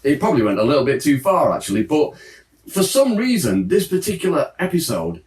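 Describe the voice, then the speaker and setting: A man's voice: a little high, big pitch swings, brisk, darkish tone. A man hosting a casual chat about old music papers, talking chattily and laughing easily. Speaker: host. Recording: roomy sound from a distance.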